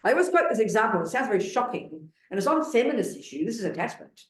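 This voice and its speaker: A woman's voice: a little high, very animated, fast talker. Blunt older woman in a roomy hall. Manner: blunt, emphatic, full of rhetorical questions. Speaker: Buddhist nun teacher. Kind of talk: Buddhist dharma talk.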